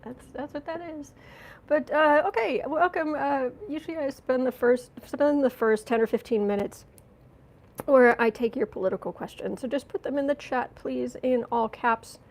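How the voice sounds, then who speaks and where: Female host, American, rambling live-stream chat, slightly high voice, congested, frequent throat clearing. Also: normal speed, a little mellow, rough recording. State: runny nose and watery eyes after a coughing fit. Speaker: astrology and tarot channel host.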